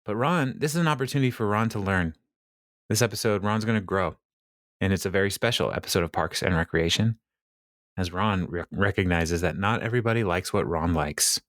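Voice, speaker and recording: A man's voice: deep voice, a little fast, fairly bright tone, dry recording, studio quality. A man casually recapping a sitcom episode, rambling, laughing often and acting out quotes. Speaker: podcast co-host.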